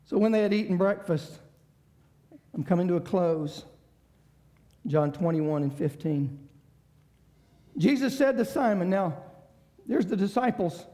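A man preaching a sermon, swinging between shouted climaxes and hushed passages. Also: sits high, animated, measured pace, long pauses.

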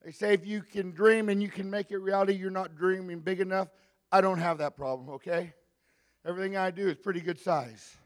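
A man preaching a sermon in a church, rising to shouted, drawn-out climaxes between joking asides. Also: high voice, fairly even intonation. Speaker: pastor. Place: church hall. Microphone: handheld mic.

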